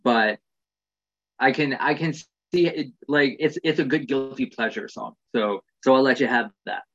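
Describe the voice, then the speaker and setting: A man's voice: medium pitch, unhurried, fairly bright tone. Chill american guy hosting a podcast, rambles a bit, kinda dull lo-fi audio. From United States. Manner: laid-back, rambling, swears casually. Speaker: podcast host. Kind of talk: casual interview.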